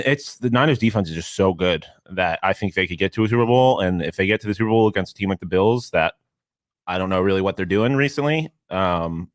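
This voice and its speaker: A man co-hosting a sports show in casual chat, animated and loose, with casual swearing. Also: deep voice, brisk, dry recording. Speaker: co-host.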